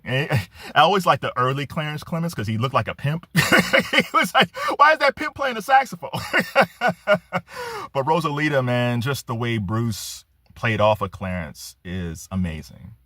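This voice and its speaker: A man giving excitable reaction commentary on a concert, laughing often and rising to near-shouts. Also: on the low side, no echo, studio quality. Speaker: music commentator.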